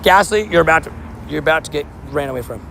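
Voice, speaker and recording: A slightly hoarse young man with a voice sitting a bit high. He rambles cheerfully through a livestream, teasing himself as he walks. Faint street traffic hums underneath. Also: lively intonation, quick pace, a bit bright. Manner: chatty, joking, self-mocking banter. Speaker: mobile game streamer. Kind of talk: casual livestream commentary while playing.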